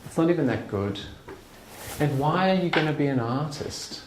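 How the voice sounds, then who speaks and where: A man's voice: a little high, animated, normal speed, roomy sound, background noise, pitched above the performer's own voice, lightly acted. A man voicing a dismissive friend who scolds in an incredulous tone. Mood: scoffing. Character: dismissive friend scoffing at art dreams.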